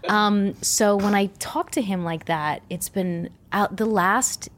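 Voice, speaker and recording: A middle-aged woman co-hosting a casual chat, earnest and quick when she shares advice. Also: medium pitch.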